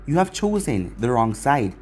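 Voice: medium pitch, sing-song, normal speed, faint music behind, pitched below the performer's own voice, lightly acted. A narrator voicing a coldly righteous male village leader with a stern, declamatory delivery in a storybook reading. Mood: menacing.

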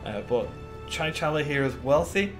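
A man's voice: fairly high pitch, animated, normal speed, music in the background. A man chatting casually as he streams a game, rambling through what he plans to do with lots of fillers and replies to his chat. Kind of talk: casual live-stream commentary.

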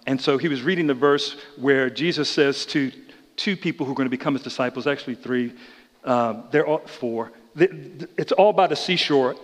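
Man preaching in an echoing church. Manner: dynamic preaching, swinging between loud raised passages and quiet low ones; addresses the congregation directly with questions and asides. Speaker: pastor. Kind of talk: sermon. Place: church sanctuary. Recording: long reverb of a church hall.

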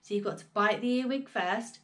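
A woman's voice: mid-range voice, brisk, a bit bright, lightly acted. A woman voicing a bossy, nasty tiny old grandmother who snaps and scolds in a read-aloud storybook. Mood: relishing. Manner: snappish, scolding, relishing disgust.

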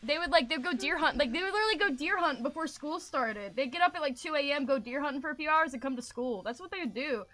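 A young woman streaming a game, talking casually in an excitable, rambling way and swearing often. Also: high voice, quick pace, hardly any pauses. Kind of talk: casual gaming commentary.

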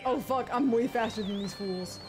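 A woman's voice: a little high, moderate pace. A young woman streaming a video game live, panicking, swearing and laughing as she plays. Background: game music.

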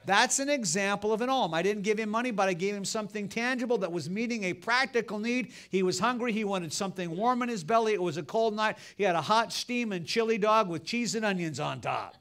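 A man preaching with a slightly higher voice than most men. He tells his sermon as folksy, animated stories and talks straight to the congregation. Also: a little fast, few pauses. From United States. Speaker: pastor.

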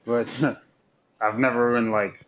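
A man streaming a video game and chatting with friends in a voice party, profane and joking, laughing often and swinging into loud mock outrage. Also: medium pitch, level tone, takes it slowly, slight background noise. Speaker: gamer streaming live. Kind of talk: casual gameplay chat with friends in a voice party.

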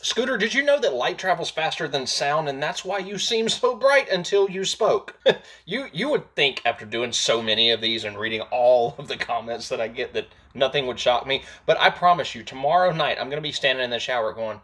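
A man's voice: mid-range voice, fairly quick. A man hosting his boat-building video, explaining results casually and then teasing commenters with jokes. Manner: joking, teasing, animated. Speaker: host and jon boat builder. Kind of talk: casual how-to video talk with a comment roast segment.

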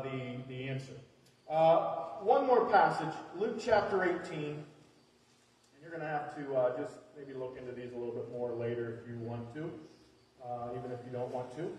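Man, preacher, casual rambling sermon, fillers, long hall reverb, echoing room. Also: fairly high pitch. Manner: conversational, rambling, with many fillers and restarts. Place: church hall before a live congregation. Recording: echoey hall from far off.

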